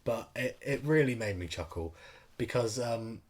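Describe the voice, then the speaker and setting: A man's voice: mid-range voice, lively intonation, normal speed. A man co-hosting a podcast, rambling through a story in casual chat with lots of fillers. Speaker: podcast co-host.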